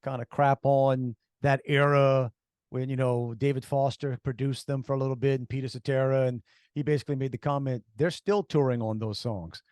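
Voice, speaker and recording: A middle-aged man co-hosting a casual talk show, animated and jumping between topics. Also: medium pitch, a little fast, clean tone, no echo, studio quality. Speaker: co-host. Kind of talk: casual chat.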